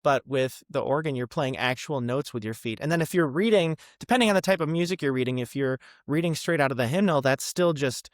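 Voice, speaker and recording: A young man from the Midwest, a podcast guest chatting casually about his past with lots of ums and quick asides. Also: medium pitch, no room sound, studio quality. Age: young adult. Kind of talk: casual interview chat.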